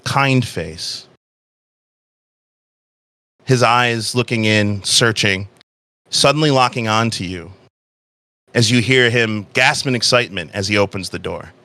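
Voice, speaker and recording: Man game master, bright voice, slow dramatic narration, dry close mic. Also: fairly low pitch, no room sound.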